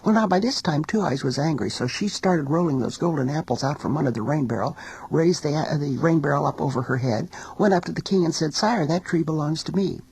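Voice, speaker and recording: A woman teacher telling a folk tale in a recording studio, as an expressive storyteller. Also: low voice, husky, low-quality recording. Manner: expressive storyteller, sings small refrains slowly.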